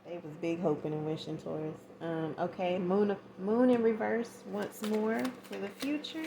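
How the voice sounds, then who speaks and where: A woman's voice: mid-range voice, steady tone, normal speed, creaky, hardly any pauses, background noise. A woman giving a casual tarot reading, chatty and slangy, acting out little scenes as she goes. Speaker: tarot reader.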